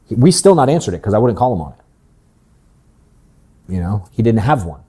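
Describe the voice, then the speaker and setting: Male sales coach, 30s, blunt and candid, mellow dark tone, office workshop. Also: fairly low pitch, very animated, normal speed, pauses often, husky. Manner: blunt, candid, swears casually. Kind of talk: casual workshop talk.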